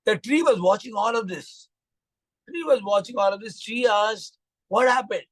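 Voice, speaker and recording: A man's voice: high voice, lively intonation, normal speed, no room sound, rough recording. A man with an Indian English accent, a life coach who tells a moral story with frequent fillers and restarts.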